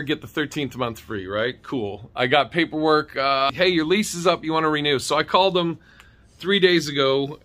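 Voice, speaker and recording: A man telling a comedic story, animated, profane and indignant. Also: mid-range voice.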